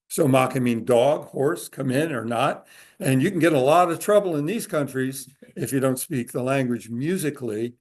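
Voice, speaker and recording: A man giving a talk to a group in a room, explaining at an easy pace with frequent filler pauses. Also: medium pitch. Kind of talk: conversational lecture. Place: room with a live audience.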